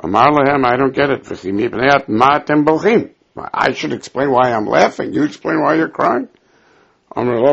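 A man's voice: on the high side, animated, moderate pace, gravelly, husky, dull audio. A man teaching a Talmud class who reads passages aloud, explains them in English, and acts out the quoted speakers. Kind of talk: Talmud class, reading and translating.

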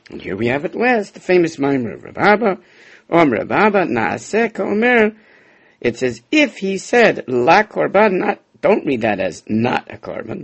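A man in a Talmud study class with a husky, gravelly voice. He reads a passage and reasons aloud, questioning how it fits, his pitch moving freely as he goes.

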